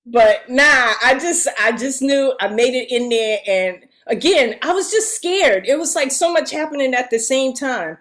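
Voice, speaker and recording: Middle-aged woman, high voice, animated storyteller, laughs a lot and does everyone's voices. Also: normal speed, few pauses. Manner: animated, acts out quoted voices, laughs often. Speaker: guest actress. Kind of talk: casual storytelling.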